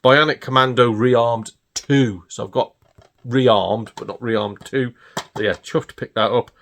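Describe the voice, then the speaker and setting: A British man vlogging about retro game pickups, gleeful and excitable and laughing often. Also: medium pitch, a little slow. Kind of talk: casual chat showing off purchases.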